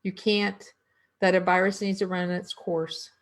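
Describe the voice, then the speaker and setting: A middle-aged woman who does energy work speaks in a fairly low, flat voice. Her spiritual talk is casual, slow and reflective, and she poses rhetorical questions to her listeners as if in conversation.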